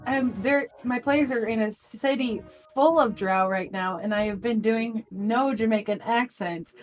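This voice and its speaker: A woman's voice: on the high side, a little slow, soft background music. A woman chatting playfully as a guest dungeon master, joking and laughing. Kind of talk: casual roundtable chat.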